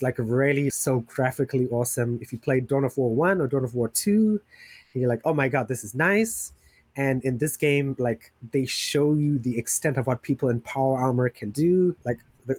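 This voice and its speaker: A man's voice: medium pitch, normal speed, a little mellow, husky, no echo. A man hosting a podcast in casual chat, rambling with enthusiasm and plenty of fillers. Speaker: podcast host.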